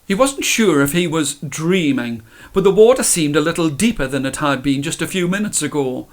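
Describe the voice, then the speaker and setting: A man reading a story aloud in a measured, expressive way. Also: on the high side.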